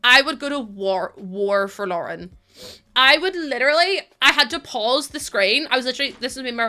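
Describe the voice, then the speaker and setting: Bright-voiced, animated woman streamer. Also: a little high, moderate pace. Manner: animated, ranting, laughs often. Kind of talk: casual chat while playing a game.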